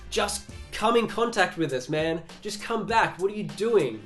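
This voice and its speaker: A man doing a frustrated young hero yelling skyward. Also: high-pitched, lively intonation, measured pace, soft background music. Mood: pleading.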